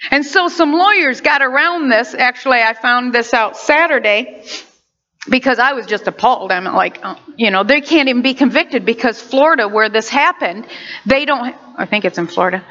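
A woman preaching a sermon, impassioned and animated, with sudden loud outbursts. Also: a little high, moderate pace. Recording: dull lo-fi recording.

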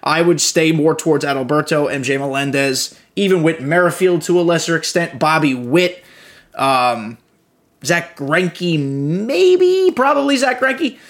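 A man's voice: fairly high pitch, unhurried, fairly bright tone. A young adult man hosting a podcast, giving loose, profane gaming commentary full of fillers. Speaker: podcast host.

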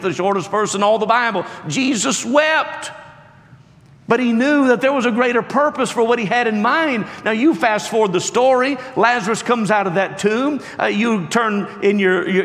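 A man preaching a sermon with emphatic delivery, acting out quotes with rising and falling pitch. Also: fairly bright tone. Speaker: pastor. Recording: echoey hall reverb.

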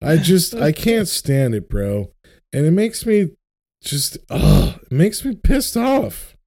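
A man's voice: a little high, very animated, takes it slowly, mellow. A young man in casual podcast chat, ranting with profanity and passion about his faith.

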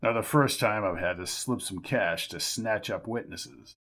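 A man's voice: fairly low pitch, unhurried, fairly bright tone, pitched below the performer's own voice. A man voicing an older, boastful schemer who needles everyone in a smug, self-important way. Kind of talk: audiobook character voice.

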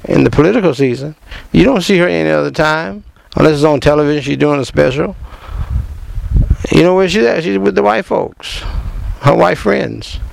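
Gravelly, preachy man talking emphatically. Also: on the high side, normal speed, long pauses, low-quality recording. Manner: emphatic, preachy, rhetorical questions to the listener; repeats words when fired up. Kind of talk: impassioned commentary.

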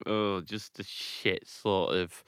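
A man's voice: low-pitched, slow, clear, resonant tone, dry recording, studio quality. A young man, chatting casually, laughing and swearing. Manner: laughing, sweary, lively reactions. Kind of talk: casual chat.

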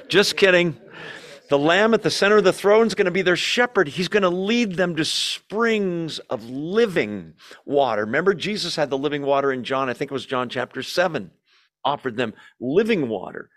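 A man's voice: medium pitch, fairly bright tone. A man preaching a conversational sermon to a group, with joking asides and questions put to the audience. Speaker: pastor. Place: church meeting streamed on a video call.

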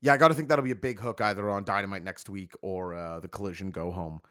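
A man's voice: deep voice, quick pace, fairly bright tone, dry recording. Male podcast host, chatty, joking, dry mic. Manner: talkative, joking, plugs the channel. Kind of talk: casual review chat.

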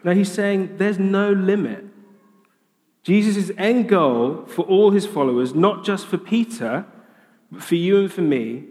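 A man preaching in a big hall, his voice ringing out with a long echo. He talks in a slightly high register and keeps it animated and humorous, slipping into playful voiced asides as he teaches. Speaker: pastor. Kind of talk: sermon.

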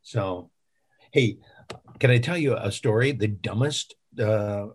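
A man's voice: lowish voice, takes it slowly, slightly rough. A middle-aged man, an actor and voice actor, telling rambling, self-deprecating stories in a casual interview.

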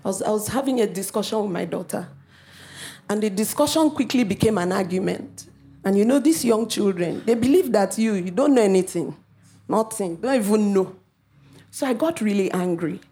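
A woman from Africa preaching a sermon, animated, with playful asides and acted-out quotes. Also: mid-range voice, normal speed.

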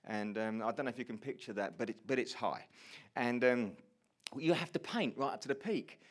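A man telling a funny personal story in a sermon to a congregation, acting out his own lines loudly. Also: mid-range voice, fairly quick. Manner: animated storyteller, shouts quoted lines. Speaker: pastor. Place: church hall before a congregation.

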